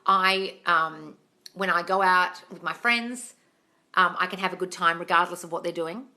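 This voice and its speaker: A young woman runs a casual live Q&A, reading comments aloud and firing back frank, sweary answers. She calls everyone darling. Her voice sits a little low but sounds bright and forceful. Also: fairly even intonation, moderate pace. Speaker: manifesting coach hosting a live Q&A.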